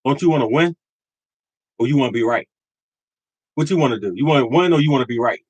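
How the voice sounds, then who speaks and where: A man in his fifties or older hosts a live lottery tips stream, greeting chat viewers by name and hammering his points home again and again with preacher-like conviction. His mid-range voice is fast and slightly rough, and the recording is dry and rough.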